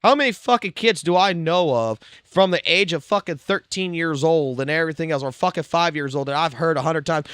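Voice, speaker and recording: A man's voice: fairly high pitch, a little fast, hardly any pauses, a bit bright, smooth, no room sound, clean studio sound. A man streaming live, ranting with constant swearing in a heated, blunt way. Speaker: livestreamer.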